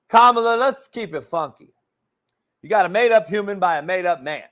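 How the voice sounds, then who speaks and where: A brash, foul-mouthed man hosts a talk show in a high voice. His pitch swings wildly as he rants and mocks, and his tone sometimes climbs to a shout. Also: expressive, moderate pace. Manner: brash, loud, mocking, swears constantly. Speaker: sports show host. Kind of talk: profane casual rant.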